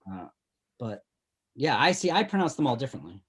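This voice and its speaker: A man's voice: mid-range voice, sing-song, brisk, a bit bright, husky. A man from near the South Shore with a light Boston accent, a podcast host chatting casually and explaining with lots of fillers and restarts. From Massachusetts, inland of the South Shore. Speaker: podcast host, former tour guide. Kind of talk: casual chat.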